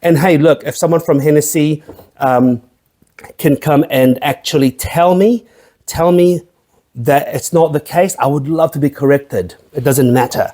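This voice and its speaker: Profane, rambling man with a mellow voice. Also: a little high, a little slow. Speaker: host of a drinks review channel. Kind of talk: casual vlog review.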